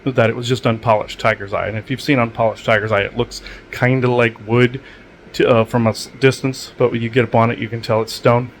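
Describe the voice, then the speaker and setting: A man's voice: medium pitch, little pitch movement, brisk, a little hiss or hum. A man hosting his own channel, talking in a meandering casual monologue with many fillers and restarts, matter-of-fact about odd experiences. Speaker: channel host.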